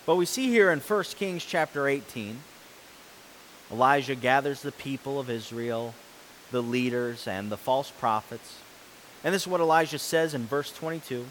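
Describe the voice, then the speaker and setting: A man preaching a sermon, reading scripture and explaining it, who swings between loud, forceful passages and soft, quiet ones. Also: medium pitch, normal speed, slight background noise, rough recording.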